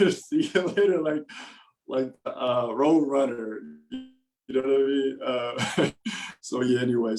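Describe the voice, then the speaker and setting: A man, a podcast guest, casually telling a story in an animated way, laughing often and filling his talk with "like" and "you know". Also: medium pitch, rough recording.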